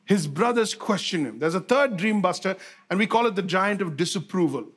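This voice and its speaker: A man delivering a sermon in a fairly high voice. He repeats his key lines for emphasis and fires rhetorical questions at the congregation, mixing fast and slowed-down phrases as he drives his point home. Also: animated, fairly bright tone, breathy edge. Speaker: pastor.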